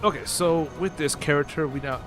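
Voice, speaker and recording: A man's voice: on the high side, fairly even intonation, brisk. A man hosting a casual game livestream, rambling with lots of restarts and easy laughs. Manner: rambling, many fillers and restarts, laughs easily. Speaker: gaming livestream host. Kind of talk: casual live-stream chat. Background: game music.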